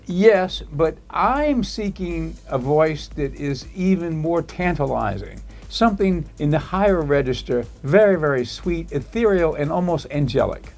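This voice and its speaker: A man hosting a live tech talk show, his voice sitting a little high for a man. He talks haltingly, full of fillers and restarts. Faint music plays behind him. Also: expressive, a little mellow. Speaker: host.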